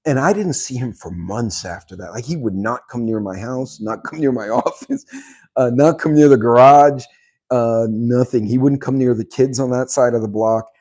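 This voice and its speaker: Middle-aged guy rambling thru viewer comments, lots of ums and laughing, dark mellow voice. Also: medium pitch, moderate pace. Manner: rambling storyteller, laughs often, many ums. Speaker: channel host. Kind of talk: casual chat reading viewer comments.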